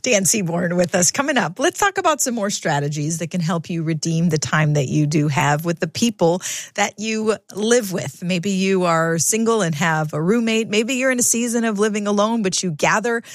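A woman's voice: mid-range voice, moderate pace, dry recording, studio quality. A woman hosting a radio talk show, introducing and questioning her guest in a thoughtful, conversational way. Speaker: radio host. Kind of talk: radio interview. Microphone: studio microphone.

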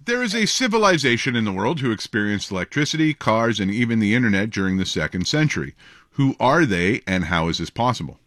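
Male co-host, low, animated question-reading, dry mic. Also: brisk, dry recording. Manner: chatty, reads questions aloud. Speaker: radio co-host. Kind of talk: reading trivia questions on radio.

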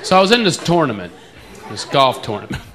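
A man's voice: medium pitch, sing-song, brisk. A man doing a playful live stand-up routine, mocking accents and voicing the people in his stories. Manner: playful, mocks accents, voices characters. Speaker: stand-up comedian. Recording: live club with loud crowd and noise. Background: loud audience laughter.

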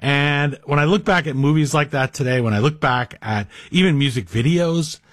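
A man's voice: on the high side, moderate pace, a bit bright, no room sound, studio quality. A man guest hosting a talk radio show, chatting in a digressive, self-deprecating monologue. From Greek heritage.

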